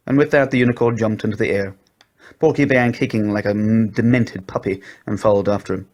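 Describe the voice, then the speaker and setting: A man narrating a children's story in an expressive storybook reading voice. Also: fairly low pitch, fairly quick.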